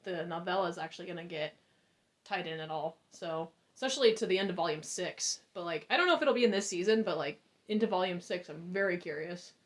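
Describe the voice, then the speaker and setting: A woman's voice: on the low side, quick pace. A woman co-hosting a book club chat over a video call, rambling with hesitant restarts. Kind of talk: casual chat.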